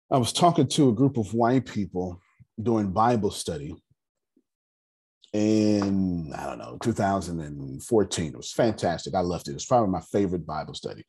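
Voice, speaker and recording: His voice is low, a little mellow and slightly rough. In his thirties, he leads a group on personal finance through animated, emphatic stories, repeating important phrases and mixing bluntness with humor.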